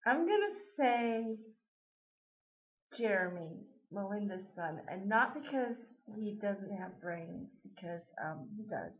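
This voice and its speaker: A woman chatting casually to camera, rambling and giggling as she answers a question tag. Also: mid-range voice. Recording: dull lo-fi webcam audio.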